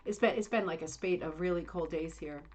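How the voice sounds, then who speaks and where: A woman's voice: on the low side, brisk, a little mellow. A middle-aged woman hosting a casual livestream chat from home, chatty, rambling and self-deprecating. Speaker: livestream host. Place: home, Indiana.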